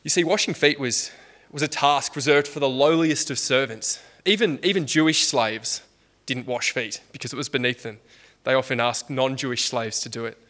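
A man's voice: medium pitch, normal speed, a bit bright. A man preaching a sermon in a conversational way, with frequent restarts and rhetorical questions.

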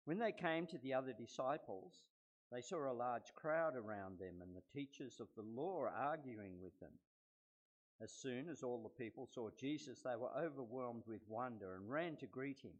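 A man reading a scripture passage aloud in a church service, measured and earnest. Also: medium pitch, lively intonation, poor audio. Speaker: scripture reader.

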